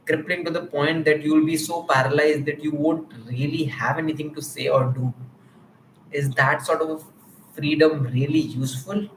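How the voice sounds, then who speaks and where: Indian accent guy rambling on a livestream, kinda high voice, echoey room with faint hiss. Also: fairly bright tone. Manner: rambling, self-reflective, thinks aloud. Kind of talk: unscripted live-stream musing. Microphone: mic with camera.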